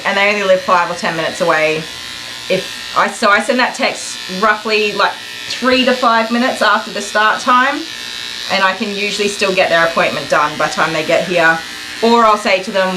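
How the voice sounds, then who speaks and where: A woman's voice: medium pitch, fairly quick, noisy background. Chatty woman, clipper buzz behind. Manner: rambling, chatty, talks to viewers while grooming. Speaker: dog groomer streaming live. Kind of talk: chatty live stream while working. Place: grooming salon.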